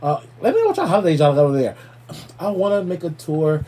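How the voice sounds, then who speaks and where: Male podcast host, warm dark tone, loose and profane casual banter. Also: on the high side, huge pitch swings, fast talker, breathy edge. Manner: loose, profane, playful shout-outs. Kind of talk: casual chat.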